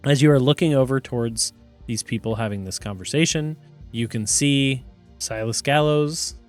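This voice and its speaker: A man narrating as game master of a tabletop game in a relaxed, chatty way with fillers. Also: mid-range voice, normal speed, soft background music.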